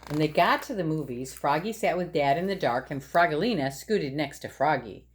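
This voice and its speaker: A woman's voice: low voice, lively intonation, moderate pace, a little hiss or hum. A woman reading a picture book aloud to children, voicing sound effects and asking them questions. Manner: sing-song, asks children questions, voices sound effects.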